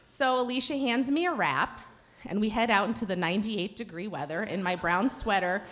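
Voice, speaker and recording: A woman telling a self-deprecating personal story on stage at a live storytelling event, animated and self-mocking. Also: medium pitch, moderate pace.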